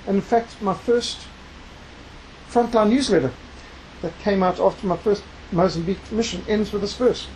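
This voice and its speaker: A preacher and missionary giving a sermon, reading scripture aloud and slowing down to stress key words. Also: medium pitch, a little mellow, slight background noise, rough recording. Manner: reads scripture aloud within the talk.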